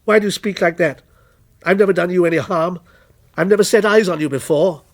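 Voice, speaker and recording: A man's voice: high voice, a little fast. A man voicing a nervous middle-aged male novelist who stammers and pleads when frightened. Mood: pleading.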